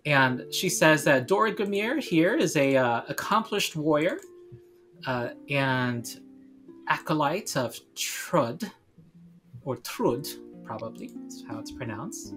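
A woman's voice: sits low, expressive, a little slow, fairly bright tone, soft background music. A woman narrating as game master of a tabletop game, hesitant with many fillers.

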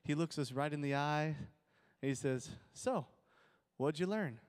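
A young man with an Upper Midwest American accent preaches with a fairly high, bright-pitched voice. He tells his story with lively jokes, laughing at his own punchlines, then moves into teaching. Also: unhurried. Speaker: pastor. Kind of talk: sermon with storytelling.

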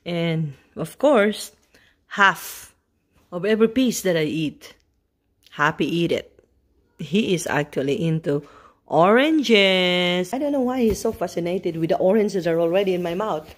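A woman with a lowish, animated voice speaks a little slowly while vlogging at home at night. Filming her pets, she chats casually and coos baby talk to her dogs.

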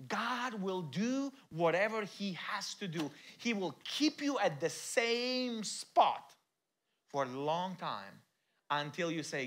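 A man preaching a sermon in a church. He talks directly to the congregation and swings between quiet, intimate passages and loud, shouted emphasis. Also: on the high side, sing-song, measured pace. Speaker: pastor.

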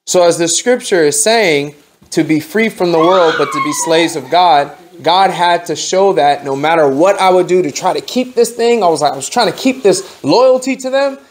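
A man preaches a testimony at a home fellowship gathering, his voice sitting a little high for a man. He tells it in a lively, slangy storyteller's way, acting out each person's lines as he goes. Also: moderate pace, slight background noise. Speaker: lay preacher. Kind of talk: testimony sermon.

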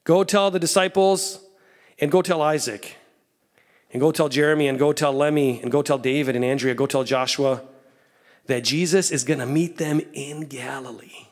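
A man in his thirties with a slightly high voice preaches a church sermon. He tells the story animatedly, dropping to soft low asides and then rising into excited lines. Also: moderate pace. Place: church sanctuary.

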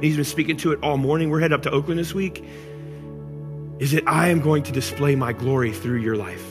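A man preaching a sermon as pastor, animated and acting out angry complaints before dropping to soft, intimate tones. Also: a little high, brisk. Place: church auditorium. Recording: church hall reverb with music.

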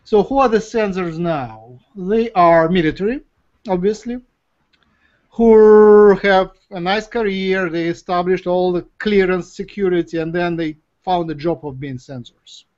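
A man's voice: sits high, unhurried, a little mellow. A man from the former Soviet Union, hosting a webinar and explaining earnestly. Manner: earnest, repeats phrases, speeds up when explaining. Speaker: host. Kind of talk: casual webinar talk. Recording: dull lo-fi webinar audio.

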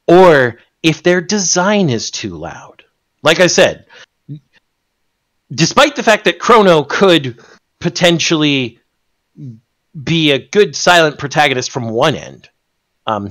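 A man in casual discussion, animated and profane, often restarting his sentences. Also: on the high side. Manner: animated, swears freely, stumbles and restarts.

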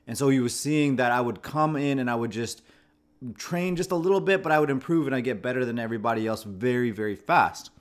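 A man's voice: medium pitch, a little fast. Reflective man telling his story. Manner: reflective and conversational, often restarting phrases. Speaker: host of a channel about anxiety. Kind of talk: personal story told to camera.

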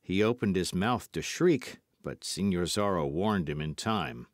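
A man narrating an audiobook with lively, dramatic storytelling. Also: low-pitched, unhurried, dry recording, clean studio sound. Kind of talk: scripted narration.

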